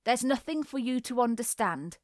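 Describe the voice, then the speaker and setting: A woman reading the lines of a grave, gentle middle-aged father who speaks quietly and firmly. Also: on the high side, lively intonation, moderate pace, no echo, studio quality, close to an everyday voice. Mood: pleading, firm. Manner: quiet and reassuring, firm.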